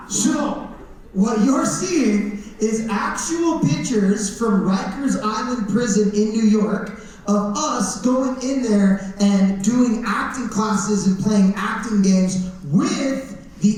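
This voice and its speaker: A man gives a comedic talk in a school theater, storytelling with animated energy and acting out other people's voices. His voice sits fairly high. The sound comes from far off, with heavy echo from the hall.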